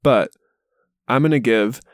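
A man hosting a casual movie podcast in a relaxed, easygoing way. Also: medium pitch, unhurried, no echo, clean studio sound. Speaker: podcast host.

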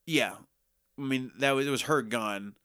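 A man co-hosting a casual chat, recapping a show in loose, profane talk and slipping into quick mock voices. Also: medium pitch, sharp tone, clean tone, no room sound, clean studio sound. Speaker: podcast co-host recapping a TV series.

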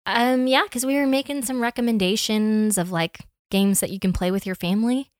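A young woman talking casually on a podcast, bubbly and playful as she chats. Her voice sits at an ordinary middle pitch. The sound is dry and close, with no room around it. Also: fairly quick, no echo. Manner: enthusiastic, playful. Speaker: podcast co-host. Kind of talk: casual chat.

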